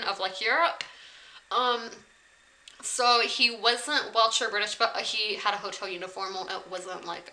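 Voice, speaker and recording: Chatty young woman with a bright voice. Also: on the high side, low-quality recording. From South Carolina, USA. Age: 20s. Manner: chatty, rambling, many "like" fillers. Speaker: vlogger. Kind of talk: casual storytime vlog. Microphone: camera on tripod.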